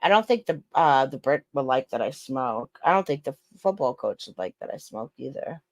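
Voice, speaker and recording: A woman's voice: rumbling low, a little fast. A woman with a New York accent, co-hosting a casual podcast and telling stories that act out what other people said. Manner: animated storytelling, acting out others' lines, laughing often. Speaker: podcast co-host. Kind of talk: casual chat.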